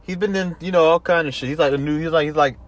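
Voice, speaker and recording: A Southern-accented man from Atlanta delivers fast commentary in a fairly high, steady voice. As a vlogger he rambles, swears, restarts constantly, and is quick to laugh.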